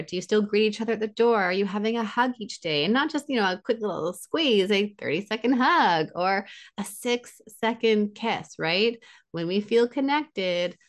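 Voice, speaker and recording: A woman giving relationship advice in a conversational interview, animated and acting out what partners say, with frequent laughs. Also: mid-range voice. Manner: animated, acts out quoted partners, laughs often. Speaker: relationship expert guest.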